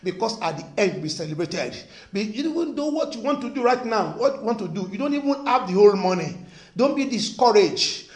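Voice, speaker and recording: A man's voice: high voice, very animated, a little fast. A man preaching a sermon as pastor, emphatic, repeating phrases and asking the congregation questions. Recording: echoey room.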